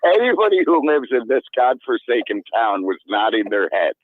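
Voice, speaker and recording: A man talking as a guest in casual chat, rambling and halting in a self-deprecating way. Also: medium pitch, sing-song. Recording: tinny, dry phone-like line.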